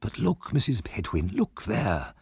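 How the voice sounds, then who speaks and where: A man reading as a kindly elderly gentleman who speaks in a gentle, hushed and earnest way. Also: lowish voice, big pitch swings, measured pace, creaky, slightly rough, dry recording, clean studio sound, full character voice. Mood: astonished.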